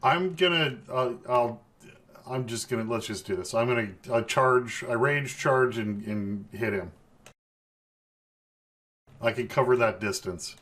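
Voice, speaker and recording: A man playing a tabletop game who talks in a relaxed, halting way, thinking aloud as he decides. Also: medium pitch. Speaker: player. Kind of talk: casual tabletop game chat.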